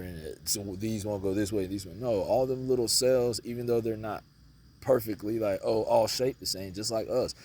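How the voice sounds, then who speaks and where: A man's voice: sits low, a little hiss or hum. A man, giving a slangy, emphatic spiritual talk to camera outdoors. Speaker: spiritual vlogger.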